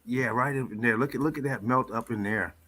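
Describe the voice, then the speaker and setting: A man chatting casually on a live stream, relaxed and hesitant. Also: mid-range voice, a little fast, slight background noise.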